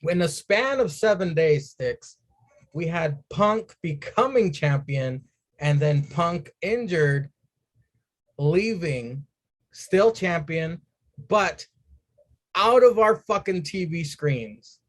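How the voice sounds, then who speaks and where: A man chatting on a wrestling podcast with a fairly high voice. He swears freely and acts out his own excited reactions as he tells the story. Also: slow. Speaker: podcast co-host. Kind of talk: casual wrestling podcast chat.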